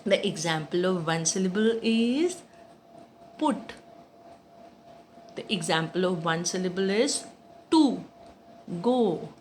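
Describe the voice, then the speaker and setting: Slow, lively-voiced woman teaching children. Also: medium pitch, a little hiss or hum. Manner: slow, repeats each point, asks and answers own questions. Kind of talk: grammar lesson for children.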